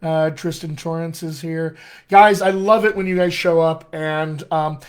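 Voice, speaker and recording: A man's voice: on the high side, steady tone, unhurried. An American man, a dialect coach, teaching casually on a live stream, chatting with viewers and using many fillers. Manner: chatty and filler-heavy, greets viewers by name.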